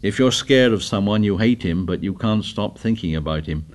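A man's voice: on the low side, normal speed, lightly acted. A man reading the part of an anxious, fussy schoolboy who pleads earnestly. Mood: pleading.

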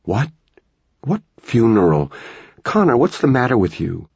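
A man's voice: mid-range voice, very animated, unhurried, vocal fry, darkish tone, breathy edge, no echo, lo-fi sound, pitched above the performer's own voice, full character voice. A man voicing a tired, worried mother of an eleven-year-old boy. She sounds anxious and pleading. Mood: exasperated.

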